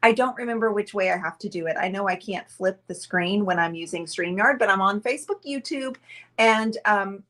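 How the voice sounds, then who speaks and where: A woman's voice: mid-range voice, moderate pace, a bit bright. A woman hosting a casual live painting stream, talking chattily and rambling to viewers while she sits close to the camera at a table indoors. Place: indoors at a table, away from usual setup.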